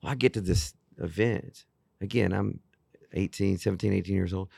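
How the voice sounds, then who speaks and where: In a studio-quality recording without echo, a fifties-aged worship singer-songwriter from Texas recounts stories for an interview. His low voice is creaky and slightly rough at a normal pace, and he's earnest and animated, restarting sentences often.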